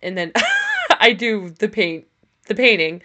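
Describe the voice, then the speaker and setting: Giggly woman co-host, casual chat, bouncy pitch. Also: huge pitch swings, takes it slowly, bright, forceful tone. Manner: giggly, laughs often mid-sentence; lots of "like" fillers. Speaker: podcast co-host.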